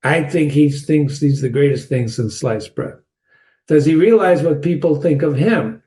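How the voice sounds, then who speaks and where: A man hosting a literature channel, casually analyzing a short story with digressive anecdotes, wry asides and quick laughs. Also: fairly high pitch, mellow. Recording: echoey room.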